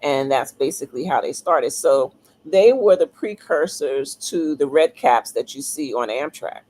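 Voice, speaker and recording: A woman with a fairly low voice speaks slowly and thoughtfully as an interview guest. She pauses often and fills the gaps with ums while she restarts her sentences. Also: expressive, darkish tone, rough recording. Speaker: author guest. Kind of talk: casual interview talk.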